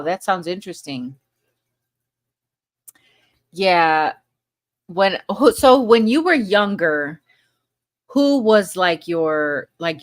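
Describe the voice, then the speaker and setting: A woman's voice: sits low, a bit bright. A woman hosting a casual live chat, reading viewer comments aloud and laughing often between remarks. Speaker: livestream host.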